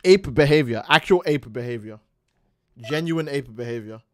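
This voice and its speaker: A man's voice: mid-range voice, moderate pace, no echo, studio quality. A man streaming a game, ranting and swearing in casual commentary while answering chat. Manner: profane, ranting, animated.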